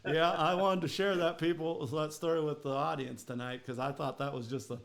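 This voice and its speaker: A man from Minnesota hosts a podcast quiz in casual, rambling chat. His voice sits a touch high, and he laughs easily as he talks. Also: fairly even intonation, a little fast, creaky. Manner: chatty and rambling, with frequent laughs. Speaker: podcast host and quiz master.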